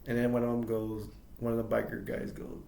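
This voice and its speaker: A man casually retelling a film's plot as an amateur reviewer, rambling and halting, leaning on "like" and chuckling often. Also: mid-range voice, little pitch movement, vocal fry, dark tone, echoey room, a little hiss or hum.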